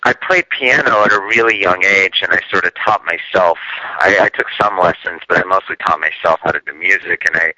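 A man's voice: low-pitched, fairly quick, pushed and bright, no room sound, lo-fi sound. A man from Los Angeles, a singer-songwriter guest on a radio show, easygoing and modest. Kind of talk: casual radio interview.

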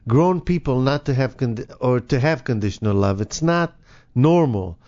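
A man's voice: medium pitch, animated, moderate pace, warm tone. Dry skeptical man, lo-fi sound. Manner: dry, skeptical, brief replies. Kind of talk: casual chat. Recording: dull lo-fi sound.

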